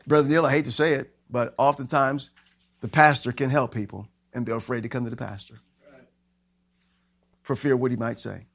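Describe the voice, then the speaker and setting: Animated preacher guy, bright punchy voice, acts out the story. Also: mid-range voice, brisk, gravelly, long pauses, no echo. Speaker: pastor. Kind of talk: sermon.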